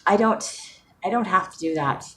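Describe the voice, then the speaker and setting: A woman talking casually in a personal vlog, chatty and rambling, with many fillers and soft laughs. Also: lowish voice, lively intonation, moderate pace, a little hiss or hum. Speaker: vlogger.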